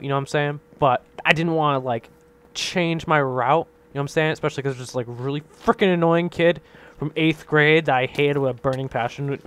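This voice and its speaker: Young-sounding guy, higher voice, very bouncy delivery, rambling story over a game. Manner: animated, rambling, tags lines with "right?"; laughs often while telling the story. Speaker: gaming channel host. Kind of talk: casual storytelling over gameplay.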